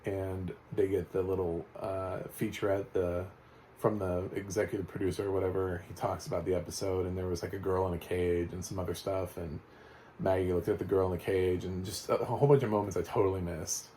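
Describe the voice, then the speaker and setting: A TV reviewer gives a casual spoken recap, rambling and blunt, full of fillers and restarts with the odd swear word thrown in. His voice is low, warm, and level, a little fast, with slight background noise.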